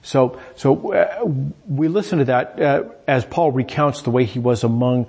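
Speaking in an unhurried, gravelly mid-range voice that is a little mellow and breathy at the edges, a man delivers a conversational sermon. He paraphrases scripture and frequently repeats words when restarting his sentences.

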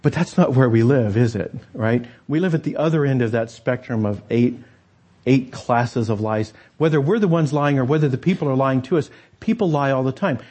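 A man's voice: mid-range voice, moderate pace, mellow, breathy edge. A man preaching a sermon as pastor, talking conversationally and turning to the congregation with rhetorical asides.

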